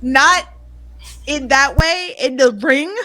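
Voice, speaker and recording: Podcast co-host: excitable New York woman, bright, dry close sound, loud laughs. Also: high voice, slow pace, no room sound. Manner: hyped, swears a lot, laughs loudly. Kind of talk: excited casual chat.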